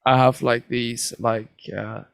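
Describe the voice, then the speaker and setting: A man's voice: mid-range voice, flat delivery, slow, creaky, a bit bright, clean tone, no echo. A man co-hosting a podcast, trading jokes in casual banter and laughing often. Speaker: podcast co-host. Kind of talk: casual joking chat.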